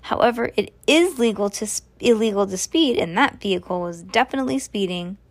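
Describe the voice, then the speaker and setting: A woman's voice: mid-range voice, expressive, fairly quick, no echo. A woman doing a fussy, formal police officer. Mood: puzzled. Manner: formal, talks to himself.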